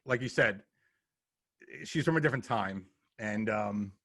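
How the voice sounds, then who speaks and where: Podcast guest, man; easygoing and rambling, bright forceful voice, dry close sound. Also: fairly low pitch, unhurried, no room sound. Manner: easygoing, rambling, with lots of fillers. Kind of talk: casual chat.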